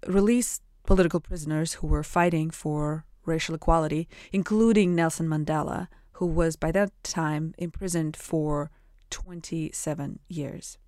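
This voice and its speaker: Woman narrator with a lowish voice. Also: fairly even intonation, darkish tone, dry recording, clean studio sound. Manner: measured, explanatory. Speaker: podcast host. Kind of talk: scripted narration.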